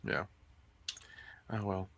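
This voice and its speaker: A man's voice: very slow, a bit bright. A man co-hosting a casual online chat in a laid-back way, laughing often. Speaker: co-host.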